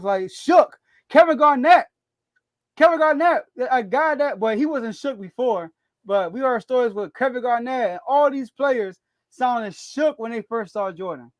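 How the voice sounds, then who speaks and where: High-voiced, animated man debating basketball. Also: dry recording. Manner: animated, laughs often, repeats words as he thinks aloud. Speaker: sports podcast co-host. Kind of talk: casual sports debate.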